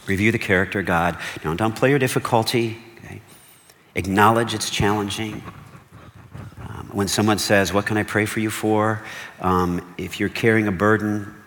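A male pastor giving an animated sermon, asking the congregation questions and acting out short bits of dialogue. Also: on the low side, in a large hall. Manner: animated preaching with rhetorical questions and acted-out dialogue.

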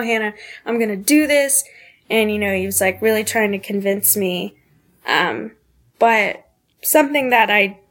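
A young woman from the southeastern United States speaks as a podcast guest, recounting her own life candidly. Her voice sits at an ordinary middle pitch, and her talk is earnest and halting, full of small pauses and "um"s. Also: a bit bright. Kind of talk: candid personal storytelling.

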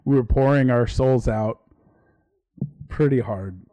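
A mellow, warm-voiced man talks loosely and casually as the host of a livestream. He rambles a little and drops the odd curse word offhandedly. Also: mid-range voice, slow pace. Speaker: podcast host.

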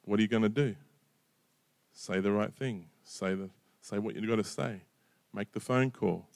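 A man's voice: on the low side, moderate pace, vocal fry, a little mellow, no echo. Middle-aged man preaching in a conversational way. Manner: conversational, drops in "right?" and "you know". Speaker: pastor. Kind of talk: sermon.

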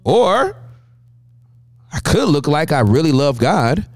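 Lively, laughing male preacher. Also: a little high, takes it slowly, no echo. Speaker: guest pastor. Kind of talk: animated sermon-style storytelling.

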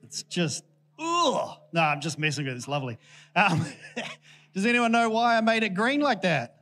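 A man's voice: high voice, moderate pace, bright, forceful tone. Chatty, joking man preaching in church. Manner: chatty, self-deprecating, many fillers. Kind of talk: casual, joking sermon. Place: church in front of a congregation.

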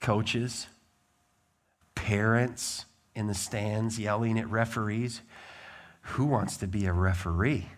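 A middle-aged man preaching a sermon as pastor, swinging from loud emphatic declarations to quiet conversational asides. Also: on the low side, steady tone, takes it slowly, long pauses.

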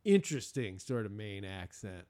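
A man's voice: lowish voice, sing-song, moderate pace, warm tone. A middle-aged man from New England hosting a podcast, telling stories in a rambling way with many restarts and fillers. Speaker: podcast host. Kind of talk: casual chat.

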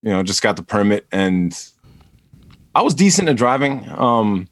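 Man, podcast guest, from New York area, halting, ums and restarts, lowish voice, dry sound. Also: sing-song, no room sound. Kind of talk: casual chat.

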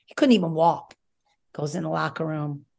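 A woman with a gravelly, fry-edged voice talks sports with a former coach's conviction. Her talk is casual and emphatic, full of rambling asides. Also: low voice, moderate pace, mellow. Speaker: former college coach, guest.

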